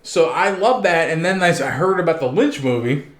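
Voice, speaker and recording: A man's voice: on the high side, animated, fairly quick. A young man co-hosting a podcast, telling stories in a laid-back, profane casual chat. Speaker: podcast co-host. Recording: roomy echo.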